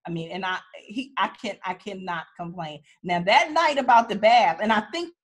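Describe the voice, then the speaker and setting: A woman's voice: mid-range voice, normal speed. A woman attorney, a guest, sharing personal stories in a candid, heartfelt way with many restarts. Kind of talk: emotional personal storytelling in a conversation.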